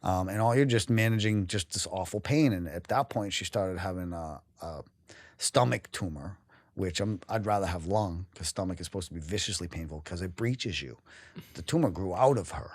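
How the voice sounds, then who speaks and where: A deep-voiced man from New England, appearing as a podcast guest, shares his story openly and with strong feeling. He talks at a normal speed, swears a lot, and keeps stopping and starting over. The recording is studio quality with no echo.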